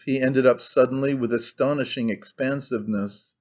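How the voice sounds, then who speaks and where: A man reading an audiobook in a measured, even storytelling manner. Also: mid-range voice, highs cut off. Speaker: audiobook reader. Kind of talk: scripted narration.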